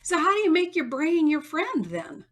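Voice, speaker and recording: A woman's voice: very high-pitched, sing-song, moderate pace, fairly bright tone. A woman hosting an interview show, affirming her guest and laughing often. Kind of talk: casual interview talk.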